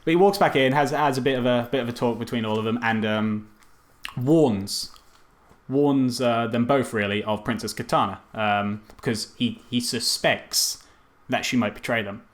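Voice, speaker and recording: A man's voice: mid-range voice, normal speed. Man, casual podcast co-host, rambling film review chat, laughs a lot, trips over names.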